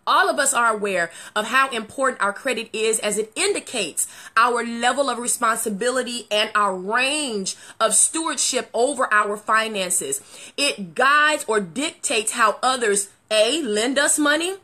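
A woman hosting a live video talk show, excitedly greeting viewers by name in casual talk, with loud high exclamations. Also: unhurried.

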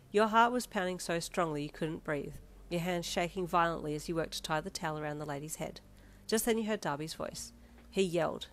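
A woman narrating a second-person fanfiction story with dramatic, expressive delivery. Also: fairly low pitch.

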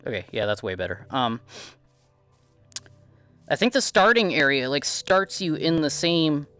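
A man's voice: fairly high pitch, sing-song, measured pace, bright, forceful tone, faint music behind. A man with a Midwestern accent rambling and swearing casually while commentating his own gameplay. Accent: Midwestern American. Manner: rambling, profane, self-deprecating. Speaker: gaming channel host.

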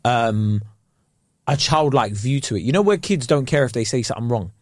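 A man's voice: medium pitch, animated, moderate pace, darkish tone, no echo, clean studio sound. A young man, co-hosting a podcast in casual, slangy chat full of swearing. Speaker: podcast co-host.

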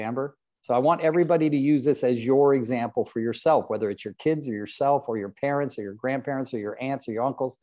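With a warm, medium-pitched voice, an older real estate coach runs a live group session for agents. He's playful and self-deprecating, addressing his trainees by name.

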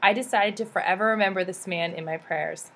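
A woman reading a memoir aloud, telling the story in a steady, earnest way. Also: medium pitch, brisk. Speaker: audiobook reader.

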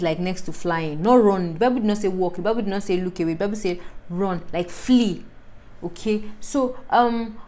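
A young woman from Northern Nigeria with a Northern Nigerian accent, talking in an animated, preachy vlog monologue full of rhetorical questions. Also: lowish voice, rough recording. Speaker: lifestyle vlogger.

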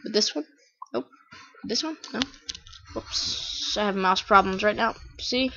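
Goofy bright-voiced female let's-player. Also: mid-range voice, lively intonation, a little slow. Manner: goofy, playful, repeats catchphrases. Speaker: gameplay channel host. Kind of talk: let's play commentary. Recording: dull lo-fi home mic.

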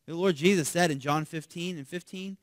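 A male pastor preaches conversationally, frequently asking "right?", growing loud and animated when voicing pleas and hushing on key words. His voice is a little high, his pace brisk, with no echo.

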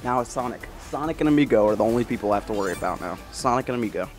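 A man's voice: medium pitch, expressive, rapid-fire. A man giving casual let's-play commentary, swearing and exasperated as he trash-talks rival racers. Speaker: gameplay commentator. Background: game music.

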